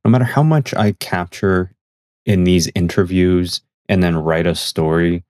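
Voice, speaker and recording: Man from Canada, very low voice, earnest reflective storyteller, acts out dialogue, dry close sound. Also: a little slow, darkish tone, no room sound. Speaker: podcast guest and magazine editor. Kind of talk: conversational storytelling on a podcast.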